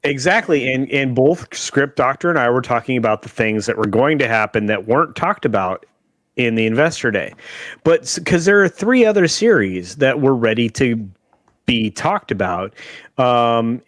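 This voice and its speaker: Speaking through a video call webcam with no echo, a male show host runs a relaxed livestream chat in a medium-pitched voice. He's emphatic, often restarting his thoughts and adding pushy little asides.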